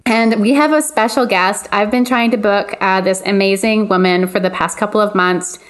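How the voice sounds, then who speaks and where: A woman's voice: mid-range voice, fairly even intonation, moderate pace. Bubbly canadian lady hosting a podcast, giggles a lot, just chatting. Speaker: podcast host. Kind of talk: casual podcast chat.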